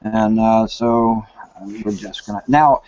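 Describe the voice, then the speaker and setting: A man's voice: lowish voice, fairly even intonation, takes it slowly, darkish tone, a little hiss or hum. Guy rambling on a video call, folksy and hesitant, kinda muffled lo-fi sound. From Kentucky, USA. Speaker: live hangout host. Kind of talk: casual chat. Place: home in the woods. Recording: dull lo-fi call audio.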